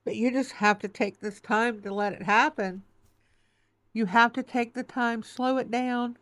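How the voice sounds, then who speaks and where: A woman's voice: a little high, fairly even intonation, measured pace, a bit bright, no room sound. A woman giving an emotional, reassuring tarot reading, close to tears, often repeating herself and calling the listener "baby". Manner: emotional, reassuring, repetitive, says "okay" and "baby". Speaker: tarot reader.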